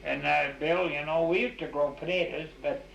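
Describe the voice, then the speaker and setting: A man's voice: a little high, steady tone, normal speed, vocal fry, a bit bright, a little hiss or hum. An older man telling rambling, folksy stories in an oral history interview, full of restarts and "you know". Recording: echoey, dull 1989 tape recording.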